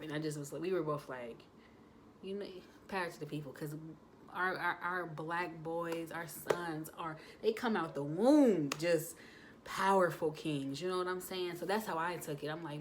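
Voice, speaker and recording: A young adult woman, chatting casually to her viewers, animated with lots of fillers. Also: low-pitched, normal speed, a little hiss or hum. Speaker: vlogger, new mother.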